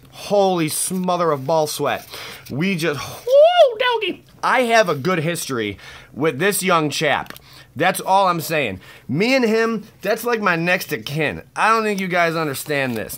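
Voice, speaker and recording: A young man hosting a casual card pack-opening vlog, hyper and excitable with crude exclamations. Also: fairly high pitch, a little hiss or hum. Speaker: card-opening YouTube host.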